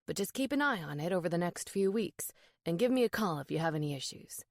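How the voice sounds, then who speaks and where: A woman's voice: on the low side, expressive, fast, dry recording, clean studio sound. A woman voicing a friendly, distinguished male doctor who jokes with his patient. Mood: calm, kind. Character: friendly middle-aged male doctor, joking.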